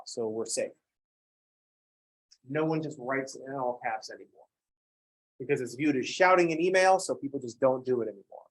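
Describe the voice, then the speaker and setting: A man teaching a college math class in a classroom, lecturing with wry jokes and playful asides. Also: a little high.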